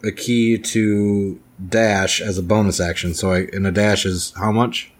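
A man's voice: on the low side, level tone, measured pace. A man playing in a tabletop game who works out his moves aloud, hesitating often and asking the table questions. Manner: hesitant, thinks aloud with many ums. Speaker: player. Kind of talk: casual tabletop game chat.

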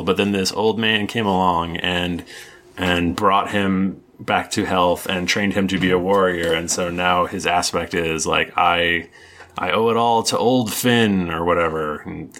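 A man's voice: deep voice, a bit bright, a little hiss or hum. A man running a tabletop game as game master, explaining the rules in a rambling way with many restarts. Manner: rambling, lots of ums and restarts.

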